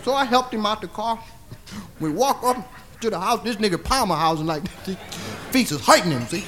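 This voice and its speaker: Brisk and lively in intonation, a man with a high voice does stand-up storytelling in a bawdy drawl, capping lines with "see?". Audience laughter and noise fill this live comedy record.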